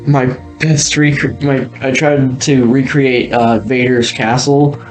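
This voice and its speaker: A man's voice: mid-range voice, level tone, takes it slowly, soft background music. A man giving a casual, rambling walkthrough, laughing often and trailing off mid-sentence. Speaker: video creator touring an old game world.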